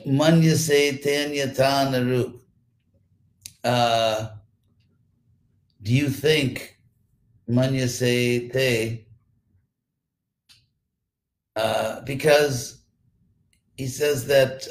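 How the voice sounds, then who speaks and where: Guy slowly unpacking sanskrit words for an online class, lots of restarts, roomy echo on a computer mic. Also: mid-range voice, fairly even intonation. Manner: slow, explanatory, repeats words while thinking. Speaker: teacher of Sanskrit scripture.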